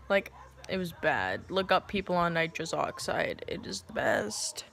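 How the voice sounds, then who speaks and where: A woman's voice: lowish voice, unhurried, gravelly. A young woman telling a personal story to camera in a casual vlog, acting out what people said in shifting voices, with crude jokes and laughter. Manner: animated, acts out quotes in shifting voices; crude, joking asides and laughter. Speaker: vlogger.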